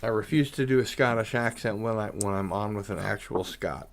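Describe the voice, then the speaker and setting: A man's voice: lowish voice, fairly quick, over a noisy crowd. A man hosting a casual livestream panel, telling rambling stories in a chatty, self-deprecating way. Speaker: stream host.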